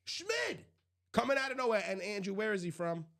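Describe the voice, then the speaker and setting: A man with a slightly hoarse voice, co-hosting a casual sports chat, excitable and emphatic. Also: sits high, fast talker. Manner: excitable, emphatic, repeats points for effect. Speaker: podcast co-host.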